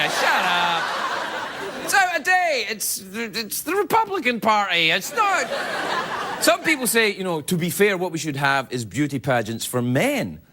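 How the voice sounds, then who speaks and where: A man hosting a late-night talk show, delivering a jokey comic monologue with self-mocking asides in a TV studio. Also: high voice. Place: TV studio with live audience. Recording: loud studio audience laughter and noise.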